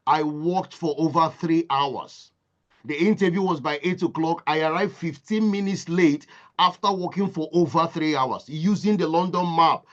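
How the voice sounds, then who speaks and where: A man's voice: fairly high pitch, moderate pace, fairly bright tone, dull audio. A man from Nigeria, giving a motivational talk as impassioned storytelling with emphatic repetition. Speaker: motivational speaker.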